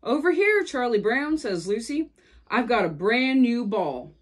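A woman's voice: fairly high pitch, lively intonation, measured pace, breathy edge. A woman reading aloud and voicing a bossy, teasing little girl in a storybook. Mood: coaxing.

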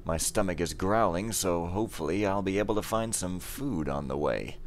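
An actor playing a weary, dry-witted master thief, narrating a game cutscene in a measured, sardonic first-person tone. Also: male voice, low voice, slight background noise.

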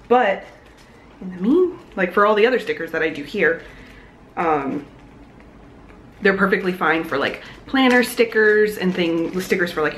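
This vlogger's voice sits on the low side with a fairly bright tone. A young woman, she chats casually and cheerfully from a room at home, musing aloud as she talks, with the recording picking up room echo and a little noise.

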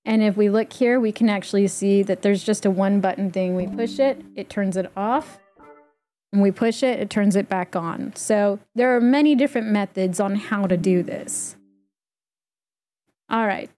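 A woman walking through a software setup in a casual, chatty tutorial, explaining step by step with easy fillers. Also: mid-range voice, normal speed, soft background music. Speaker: streamer giving a setup tutorial. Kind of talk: casual screen-recorded tutorial.

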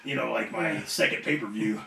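Man guest telling a rowdy story, gravelly, off-mic in an echoey room. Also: fairly low pitch, a little fast, a little hiss or hum. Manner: animated, profane, acts out other people's voices. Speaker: wrestler interview guest. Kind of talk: casual storytelling. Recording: roomy echo, somewhat off-mic.

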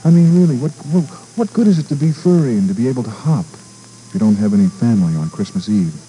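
A man's voice: medium pitch, animated, quick pace, mellow, a little hiss or hum, natural voice, low-quality recording. A man voicing a small, lonely bunny in a storybook reading, sniffling and plaintive. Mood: sad, plaintive.

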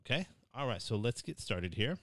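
A man's voice: medium pitch, normal speed, no echo, clean studio sound. An American man lecturing as a university English teacher, giving a casual recorded class summary with frequent fillers and restarts. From United States. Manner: relaxed, repetitive with many fillers and restarts.

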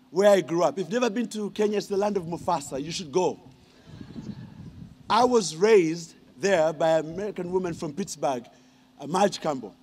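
Teasing his listeners with questions, a man from Uganda delivers a funny ceremonial speech as he accepts an honorary degree. His voice is high, husky and a little mellow.

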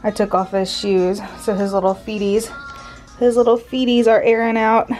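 A woman's voice: mid-range voice, level tone, moderate pace, darkish tone, faint music behind. A woman chatting casually in a home vlog, often laughing and speaking sing-song to her children, recorded on a handheld camera. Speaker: family vlogger and mother. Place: family home indoors.

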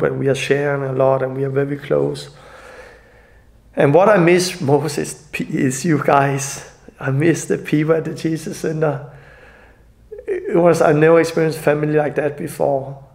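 Gravelly, tearful man, earnest and halting. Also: fairly high pitch, a little mellow. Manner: earnest, halting, non-native phrasing. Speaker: evangelist. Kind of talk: emotional personal video message.

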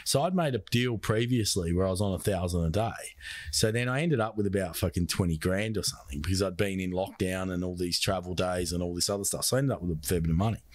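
Profane, low-voiced Australian man. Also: fast, no echo. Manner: profane, animated, acts out quoted dialogue. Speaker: podcast guest. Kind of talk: casual storytelling chat.

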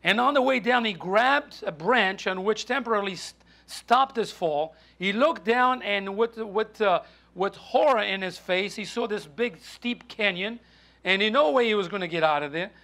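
Halting, gravelly-voiced male preacher. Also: sits high, sharp tone. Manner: halting, with many restarts and fillers. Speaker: pastor. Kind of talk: sermon. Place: church sanctuary.

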